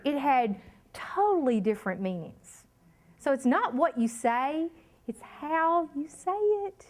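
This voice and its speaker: A woman leading a live training workshop, talking emphatically and addressing the room directly. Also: high voice.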